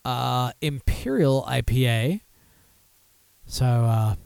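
Animated, ranting male podcast host. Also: on the high side, clean tone, dry recording. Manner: animated, mock-outraged outbursts and rambling self-talk. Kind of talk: casual live show chat.

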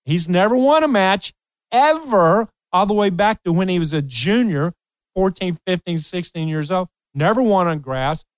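Laughing storyteller man, smooth voice. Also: sits high, lively intonation, moderate pace, no room sound. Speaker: host, tennis coach. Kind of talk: storytelling in casual chat.

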